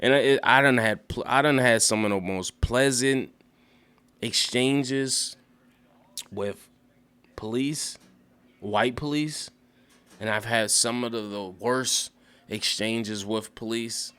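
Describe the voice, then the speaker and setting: Low-voiced man ranting through a recap. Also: unhurried, clean tone. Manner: rambling, profane, animated storytelling with acted quotes. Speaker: YouTube show recapper. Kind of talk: casual recap rant.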